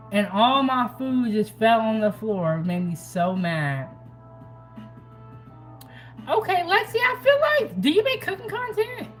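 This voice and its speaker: Chatty woman hosting a cooking livestream. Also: fairly high pitch. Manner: chatty, animated, reads out and answers viewer comments. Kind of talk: casual live-stream chat with viewers.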